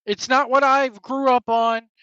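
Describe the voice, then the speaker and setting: Blunt, profane podcast host mid-rant; high-ish voice, dull lo-fi sound. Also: little pitch movement, measured pace, bright, forceful tone, no room sound. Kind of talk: angry opinion rant. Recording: dull lo-fi dry recording.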